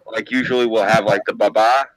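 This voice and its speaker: A man chatting casually with friends on a group call, animated and swearing freely. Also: fairly low pitch, a little fast, background noise. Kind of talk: casual chat.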